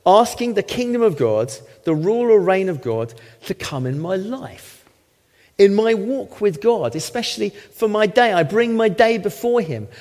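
A middle-aged man, a former lawyer, preaching a sermon with emphatic, animated teaching and frequent check-ins with the congregation. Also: high voice, normal speed. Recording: long hall reverb.

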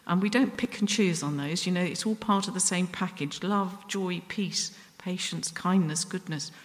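A woman preaching a sermon up at the front, earnest and self-deprecating, with pauses and restarts. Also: on the low side. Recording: long reverb from a hall.

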